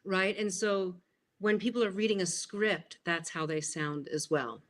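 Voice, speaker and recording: A woman in her fifties, an interview guest, telling childhood stories in an animated way and acting out the voices in them. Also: medium pitch, a little slow. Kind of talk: storytelling interview.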